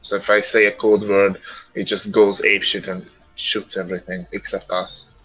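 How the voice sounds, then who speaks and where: A lowish-voiced male player who speaks casually in halting bursts, stopping often on uhs and ums. Soft music plays in the background. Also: level tone, poor audio. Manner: halting, many fillers. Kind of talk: casual tabletop game play.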